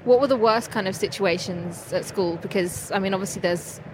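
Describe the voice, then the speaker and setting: A woman co-hosts a casual podcast, asking loose, rambling questions. Her voice is mid-pitched. A clear layer of background hiss sits behind her. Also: moderate pace. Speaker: podcast co-host. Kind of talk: casual interview chat.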